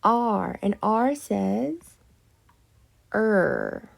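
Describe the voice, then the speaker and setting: A woman teaching an early reading lesson to young children, patient and slow, drawing out words as she models them. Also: mid-range voice, sing-song, vocal fry.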